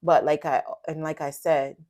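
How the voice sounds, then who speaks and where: A woman's voice: low voice, little pitch movement, normal speed, darkish tone. A woman co-host adding supportive, emphatic remarks in conversation. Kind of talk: conversational commentary.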